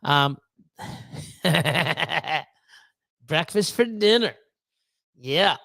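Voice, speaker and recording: A man's voice: on the high side, animated, extremely slow, gravelly, bright, forceful tone, no echo. A man hosting a casual livestream, talking in a rambling way full of fillers, restarts and swearing, and reading out chat messages. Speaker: livestream host.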